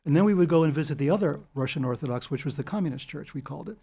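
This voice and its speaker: An older man, telling long anecdotes as a guest in an interview, animated and chuckling. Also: fairly high pitch, very fast, husky. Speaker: guest author. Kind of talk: storytelling interview.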